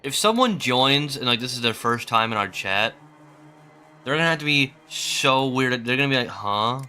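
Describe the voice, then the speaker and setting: A man's voice: medium pitch, expressive, moderate pace, bright, forceful tone, clear, resonant tone. A young adult man streaming a game with casual commentary, loose, joking and profane. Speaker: gaming streamer.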